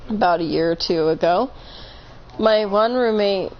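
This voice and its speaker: A woman's voice: mid-range voice, unhurried, highs cut off. A woman casually telling a long story on a live stream, rambling, correcting herself and laughing between points.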